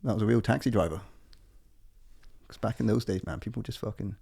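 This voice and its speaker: A man's voice: fairly low pitch, brisk, creaky, mellow, breathy edge. A man co-hosting a podcast, rambling from tangent to tangent in casual, sweary chat. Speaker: podcast co-host.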